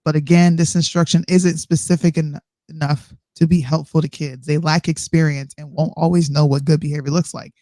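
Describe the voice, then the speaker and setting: A woman's voice: deep voice, level tone, brisk, few pauses, mellow, dry recording. A woman co-hosting a casual live-stream chat, bluntly and sarcastically reacting to parenting advice she reads aloud. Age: adult parent. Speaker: co-host. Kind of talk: casual chat, reading from an article.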